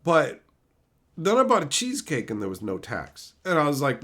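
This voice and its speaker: Loud, sarcastic male streamer. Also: on the high side, huge pitch swings, moderate pace. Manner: sarcastic, loud mocking outbursts. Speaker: streamer reading live chat. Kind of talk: casual profane live-stream rant.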